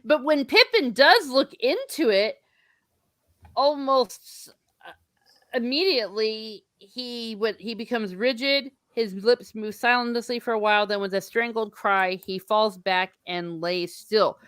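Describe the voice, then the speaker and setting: A woman's voice: a little high, a little slow, fairly bright tone, no room sound. Chatty woman host, casual book talk, dry close sound. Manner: chatty, lots of likes and laughs. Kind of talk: casual book chat, reading chat aloud.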